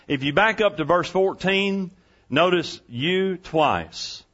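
A man's voice: a little high, moderate pace, fairly bright tone. Preacher guy, folksy down-home sermon in church, kinda dull lo-fi sound. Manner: folksy, conversational preaching with rhetorical questions. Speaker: pastor. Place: church sanctuary.

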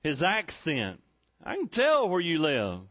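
A middle-aged man preaching a sermon as pastor, folksy and rising to loud, excited preaching. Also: fairly high pitch, measured pace. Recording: dull lo-fi recording.

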